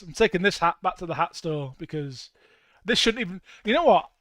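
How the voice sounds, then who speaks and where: A man's voice: sits high, lively intonation, a little fast, fairly bright tone, no echo. A young man in a home music studio, chatting casually to his stream while building a track, rambling with jokey asides. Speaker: band member streaming music production. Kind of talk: casual livestream chat while producing.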